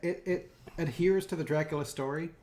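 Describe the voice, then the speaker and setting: A man co-hosting a casual movie podcast, playful and quick with quips. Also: on the high side, darkish tone, slight background noise. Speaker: podcast co-host. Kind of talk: casual chat.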